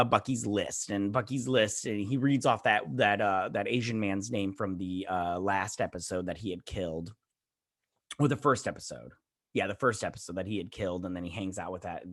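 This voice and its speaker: A man's voice: lowish voice, fairly bright tone, no echo, clean studio sound. A man hosting a show, giving a casual, rambling episode recap full of fillers and restarts. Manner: rambling, filler-heavy retelling. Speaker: show host.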